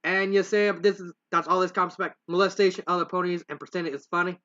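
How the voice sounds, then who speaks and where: A man's voice: high-pitched, little pitch movement, quick pace, a bit bright, muffled recording. A man reading the lines of a plain-spoken farm mare pony in a country accent, blunt and earnest.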